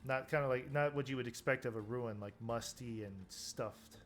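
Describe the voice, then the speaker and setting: A man's voice: medium pitch, moderate pace. Man narrating as game master. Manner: loose, self-correcting narration.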